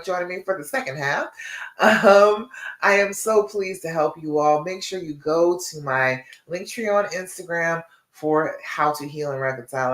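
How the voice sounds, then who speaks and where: A woman's voice: low-pitched, fairly bright tone. Encouraging woman coach, echoey room. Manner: encouraging, repeats "okay?" and "all right?". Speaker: love coach. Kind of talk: live-stream coaching talk. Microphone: live-stream device mic.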